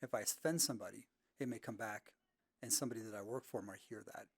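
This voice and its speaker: A man's voice: lowish voice, quick pace, slightly rough, no echo, clean studio sound. A man speaking earnestly in a casual podcast conversation.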